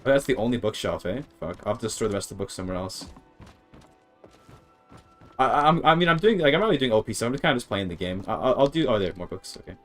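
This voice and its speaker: A man with a lowish voice chats casually through a game stream, thinking out loud, stumbling over words as he tries them, and tossing in the odd curse. Faint music plays underneath. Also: very animated. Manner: thinks aloud, sounds out words haltingly, swears casually. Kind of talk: casual live-stream gameplay chatter.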